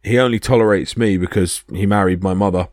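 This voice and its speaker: A man's voice: fairly low pitch, fairly even intonation, a little fast, darkish tone, no room sound, studio quality, close to an everyday voice. A man voicing a cautious, boastful male war god who is wry and warns others.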